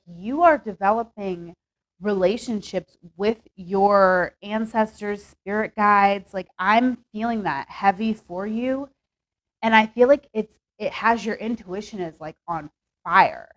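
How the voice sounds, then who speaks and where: A woman's voice: mid-range voice, poor audio. A young woman with a mid-range voice reads tarot cards in a casual, chatty way. She talks upbeat and loose, peppering her sentences with "like" and "okay". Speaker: tarot reader. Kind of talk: casual tarot reading to camera.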